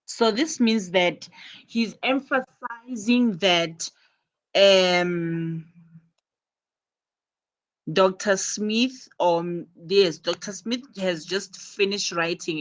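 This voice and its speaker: A woman teaching English at a slow, unhurried pace. Her pitch sits in a mid range, and she explains deliberately and patiently, modeling and repeating each example phrase. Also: fairly bright tone. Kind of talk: online English lesson.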